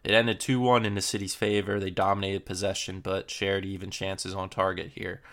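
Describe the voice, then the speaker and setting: Podcast host, young man, deep gravelly voice, laid-back match previews. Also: normal speed. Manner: relaxed, filler-heavy match previewing. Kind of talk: casual football podcast chat.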